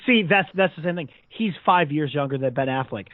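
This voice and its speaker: A man from New Jersey, co-hosting a podcast in casual chat, expressive and often exasperated. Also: a little high, fairly quick, no room sound. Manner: expressive, exasperated reactions, frequent restarts. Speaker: podcast co-host. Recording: dry, dull podcast audio.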